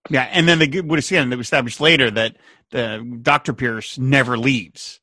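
A man's voice: medium pitch, moderate pace, dry recording. A man co-hosting a podcast, casually recapping a TV episode and quoting the characters in playful voices. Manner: animated retelling, quotes characters in playful voices. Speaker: podcast co-host.

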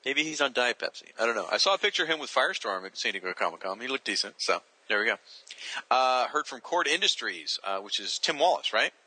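A man hosting a podcast, casually reading out listener shout-outs and stumbling over names now and then. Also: mid-range voice, big pitch swings, fast, dry recording, poor audio. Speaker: podcast host.

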